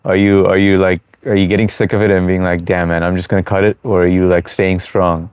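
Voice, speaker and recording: Male streamer, very low voice, dry close sound, laid-back and chatty as he reads chat. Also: little pitch movement, fairly quick, clean tone, no room sound, highs cut off. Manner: laid-back, chatty, greets viewers as bro and man. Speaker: live streamer. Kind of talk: casual live-stream chat reading viewer comments.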